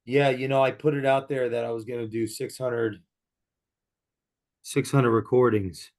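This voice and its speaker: A man hosting a podcast, relaxed and jokey, asking his guest questions in casual chat. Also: medium pitch, moderate pace. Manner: relaxed, jokey, laughs easily. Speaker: podcast host.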